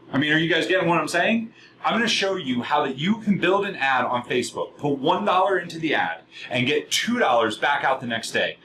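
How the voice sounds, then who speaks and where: Fired-up man pitching to a room. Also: fairly bright tone, a little hiss or hum, low-quality recording. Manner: fast, worked-up, asks the audience questions. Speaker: sales workshop presenter. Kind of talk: live motivational sales pitch to a room. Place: room with a live audience.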